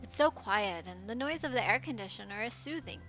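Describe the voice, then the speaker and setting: A woman's voice: fairly high pitch, lively intonation, fairly quick, fairly bright tone, faint music behind. A woman voicing a composed teenage club president, reading the lines plainly. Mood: doubtful. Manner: plainly read dialogue. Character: composed teen girl, lonely club president.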